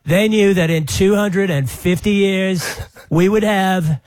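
A man's voice: high-pitched, slow pace, a little mellow, no room sound, pitched above the performer's own voice. A man putting on an impression of a boastful former president, delivering rally-style bragging lines.

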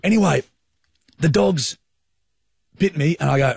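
An Australian man co-hosting a radio show, telling an animated story in casual banter with lots of restarts. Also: medium pitch, normal speed, gravelly, husky, dry recording, clean studio sound. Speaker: radio co-host. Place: radio studio.

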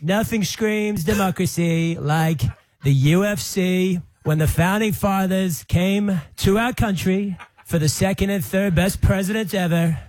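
A man's voice: high voice, a little slow, a little mellow, dry recording. A man doing an impression of a boastful US president in a bombastic, repetitive rally style.

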